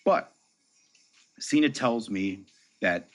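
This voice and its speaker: A man tells a personal story at an easy, unhurried pace. His voice sits a little low and has a husky grain. Now and then he acts out the other people's lines. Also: lively intonation. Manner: easygoing storyteller who acts out dialogue. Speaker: interview guest recounting a story. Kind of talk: casual anecdote.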